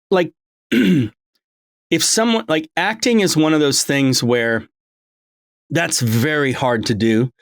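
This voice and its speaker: A man's voice: mid-range voice, no room sound. Rambling middle-aged man, dry sound. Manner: rambling, full of ums and restarts. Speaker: voice director, interview guest. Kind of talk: casual long-form interview. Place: his home.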